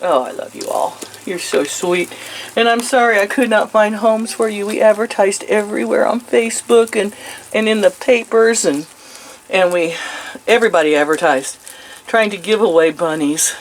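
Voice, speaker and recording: Chatty older grandma cooing at pets. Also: female voice, mid-range voice, moderate pace, slight background noise, rough recording. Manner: coos sing-song baby talk at animals; chatty, laughs often. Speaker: vlogger. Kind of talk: casual chat to pets. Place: outdoors with chickens and rabbits.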